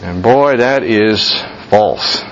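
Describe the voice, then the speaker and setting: A man teaching a Bible class as a pastor, speaking with slow emphasis and putting questions to the group. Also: fairly low pitch. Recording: muffled church recording with faint hiss.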